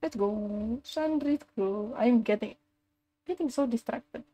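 A woman live streaming a game, reacting loudly and chatting with her viewers as she plays. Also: a little high, takes it slowly, faint music behind. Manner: animated, exclamatory, talks to chat while playing. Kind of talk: live gaming stream chat.

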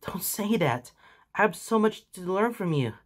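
A man voicing an anxious, earnest teenage boy hero in a fan fiction reading, raising his voice high and strained. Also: lively intonation, unhurried. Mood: nervous.

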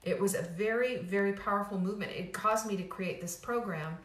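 A woman's voice: mid-range voice, brisk, fairly bright tone. A middle-aged woman hosting a weight-loss program, giving an emphatic motivational talk with many restarts and repeated phrases. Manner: emphatic, repetitive, casual with frequent restarts. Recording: roomy echo.

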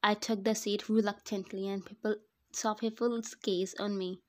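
A woman's voice: medium pitch, level tone, moderate pace. A woman narrating her own fan fiction story in the first person, in a conversational voice-over. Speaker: narrator and author.

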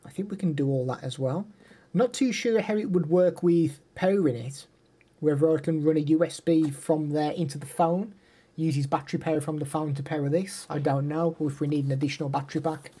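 A man in casual live-stream chat, showing gear and answering his viewers. His voice is mellow and a little husky. He talks easily and laughs often. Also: a little high.

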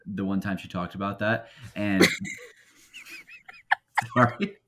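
A man's voice: on the low side, steady tone, slow, a bit bright, slight background noise. A man co-hosting a comedy podcast in loose, joking casual chat, often acting out quotes in exaggerated voices. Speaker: podcast co-host.

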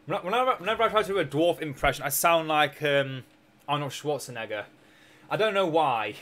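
A man's voice: a little high, expressive, a little fast, a bit bright. A young Scottish man with a sore throat, chatting casually and joking while streaming a strategy game. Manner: rambling, chatty, jokey, laughs often. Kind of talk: casual live-stream chat.

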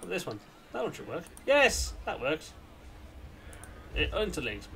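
A young man chats his way through a building game, rambling and half-talking to himself. His fairly high voice swings widely and breaks into goofy shouts. A faint hiss sits under the recording. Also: very animated, a little slow, pauses often. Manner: chatty, rambling, bursts into silly shouts. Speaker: gameplay commentator. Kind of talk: casual let's-play commentary.

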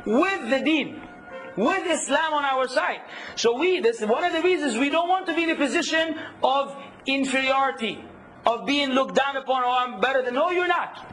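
A man teaching a workshop, lively, quizzing his audience and acting out hecklers. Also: very high-pitched, moderate pace, soft background music, rough recording. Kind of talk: workshop lecture.

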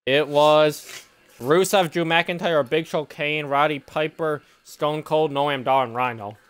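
A man's voice: a little high, measured pace, a bit bright, clean tone. A man co-hosting a gaming video, talking in casual, joking, crude banter over gameplay. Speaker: gaming channel co-host. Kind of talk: casual let's-play banter.

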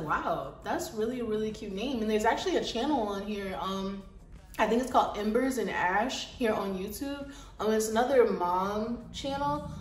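A woman's voice: mid-range voice, recorded from a distance. A woman chatting animatedly and slangily to her viewers in a casual vlog. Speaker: mom vlogger. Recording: echoey room, voice a bit off-mic, light music.

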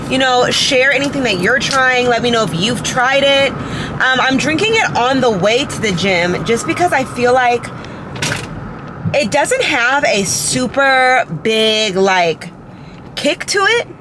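Brief: young woman vlogger, chatty and upbeat, slightly high voice, faint hum behind. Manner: chatty, upbeat, quick asides. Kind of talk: casual vlog chat. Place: home, then car and store.

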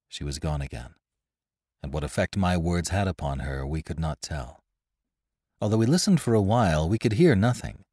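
A man narrating a classic adventure story in an expressive reading voice, close to the mic. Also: sits low, normal speed, no echo. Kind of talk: audiobook narration.

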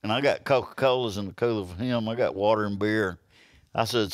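A man's voice: on the low side, fairly quick, very noisy. A middle-aged man from Alabama with a Southern accent, telling a hunting story in casual podcast talk and acting out the quoted lines. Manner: lively yarn-spinner who acts out quoted lines. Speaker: podcast guest.

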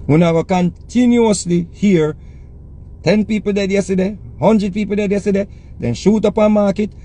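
A man's voice: high-pitched, mellow, a little hiss or hum. A Jamaican man giving casual spoken commentary, emphatic and preachy, repeating his warnings to the listener.

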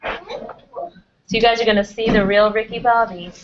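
A woman's voice: on the high side, lively intonation, measured pace, muffled recording, background noise. A woman teacher calling on pupils in an encouraging classroom manner. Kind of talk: classroom talk.

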